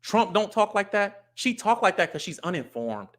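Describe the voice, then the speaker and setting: A man's voice: sits high, sing-song, moderate pace, a bit bright. A married man hosting a livestream, giving blunt and emphatic casual commentary and repeating his points. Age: adult, married. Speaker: livestream host.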